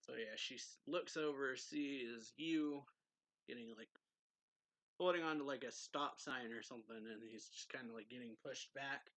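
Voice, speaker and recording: A man's voice: medium pitch, moderate pace, a bit bright, poor audio. A young man recapping a comic chapter in a loose, rambling way with lots of fillers. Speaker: manga reviewer.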